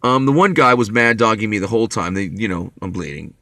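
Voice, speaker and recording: Rambling guy vlogging, cussing, bright voice, dry sound. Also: fairly low pitch, expressive, quick pace, no echo. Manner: rambling, profane, wry. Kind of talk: rambling monologue.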